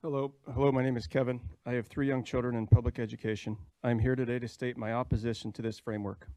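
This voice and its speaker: A man's voice: mid-range voice, flat delivery, fast, dark tone, no echo. Firm father reading a prepared statement. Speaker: public commenter, parent. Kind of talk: public comment at a hearing.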